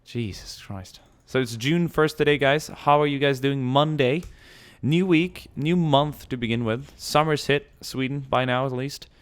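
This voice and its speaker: A man's voice: medium pitch, unhurried, few pauses, clear, resonant tone. A man giving casual, rambling gameplay commentary, musing aloud and swearing now and then. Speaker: gaming channel host.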